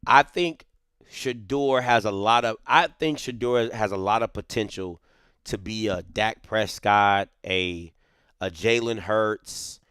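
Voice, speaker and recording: A man's voice: on the low side, takes it slowly, a bit bright, smooth, no room sound, studio quality. Emphatic man giving sports opinions. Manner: emphatic, repeats his points, frequent "right?" tags and restarts. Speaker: sports show host. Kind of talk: casual opinionated sports commentary.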